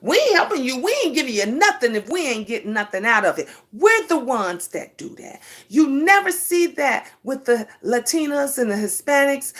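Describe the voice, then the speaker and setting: A middle-aged woman talks straight to her viewers, calling them honey. Her voice sits a little high. She tells her story emphatically, with lots of animation. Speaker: vlogger. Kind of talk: casual storytelling monologue.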